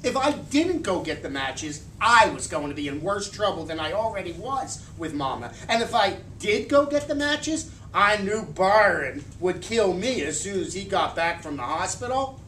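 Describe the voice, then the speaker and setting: Lively man reading a novel aloud. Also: high voice, normal speed, few pauses. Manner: animated, expressive storytelling. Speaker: reader. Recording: roomy, from a distance, faint hiss.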